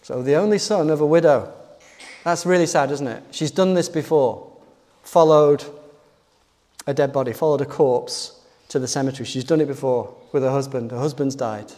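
A man's voice: medium pitch, moderate pace, dark tone. A man preaching a sermon, retelling a passage in an earnest storytelling manner with rhetorical questions. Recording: long hall reverb.

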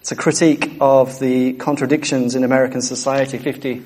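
A man's voice: medium pitch, flat delivery, fairly quick, darkish tone. A man preaching a sermon, earnest and emphatic, repeating key phrases.

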